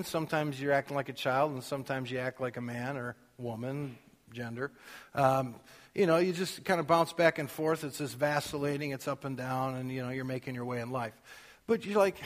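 Casual preacher in a reverberant hall. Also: male voice, medium pitch, moderate pace. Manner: conversational, rising to emphatic scripture reading. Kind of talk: casual sermon.

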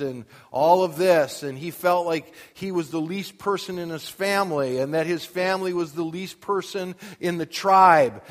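A man preaching a sermon in a church, pressing his point with rhetorical questions and rising emphasis. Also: on the high side. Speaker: pastor. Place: church with a sound booth. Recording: long hall reverb.

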